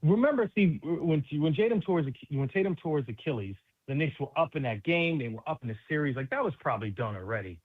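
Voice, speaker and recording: A man's voice: a little high, very animated, fast talker, few pauses. A man from New York City, a basketball analyst guest, chatting casually and animatedly on sports radio with street slang, over a tinny phone line.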